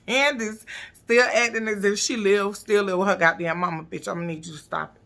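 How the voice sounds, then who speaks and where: A woman's voice: on the low side, moderate pace, gravelly, a bit bright. A woman recapping a reality TV episode in blunt, profane, sassy casual commentary. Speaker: TV recap vlogger.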